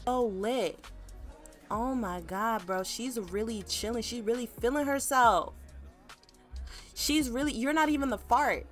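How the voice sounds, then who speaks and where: A woman chatting through her game in a casual, slangy way, now and then breaking into shrieks of mock alarm. Her voice sits at a middle pitch, with faint music playing underneath. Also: fairly bright tone. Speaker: gaming YouTuber. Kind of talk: casual gameplay commentary.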